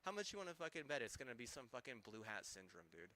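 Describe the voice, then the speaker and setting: Young male streamer, bright and forceful tone, foul-mouthed rambling rant. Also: medium pitch, very animated, quick pace. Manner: profane, heated, constant swearing; rambling, with many restarts. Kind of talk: ranting live-stream commentary.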